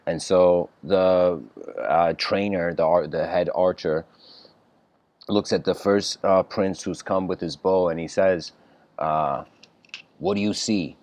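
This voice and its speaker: A man with a fairly low voice tells a story in an informal lecture. He meanders with fillers, restarts and frequent throat clearing. The sound is close and dry. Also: steady tone, takes it slowly, darkish tone, no echo.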